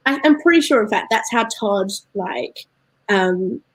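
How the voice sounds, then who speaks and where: Chatty New Zealand woman, husky voice. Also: medium pitch, animated, unhurried, no room sound, poor audio. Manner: chatty, laughs often, many fillers. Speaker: guest from a beer importer. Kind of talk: casual video-call chat.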